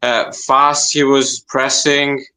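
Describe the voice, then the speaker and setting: Slow, halting man on a panel. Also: mid-range voice, flat delivery, sharp tone, poor audio. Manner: hesitant, halting, repeats himself. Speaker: panel guest. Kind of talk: casual podcast chat.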